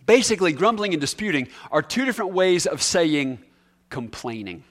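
A male pastor delivering a sermon in a slightly high voice. He talks with emphasis, repeats key words and swings between loud, stressed phrases and soft, quiet ones. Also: big pitch swings, a little fast.

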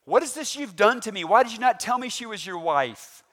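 A man voicing an angry, indignant male Egyptian king who shouts his questions and commands. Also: high voice, animated, brisk, voice pushed up. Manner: loud, indignant outbursts.

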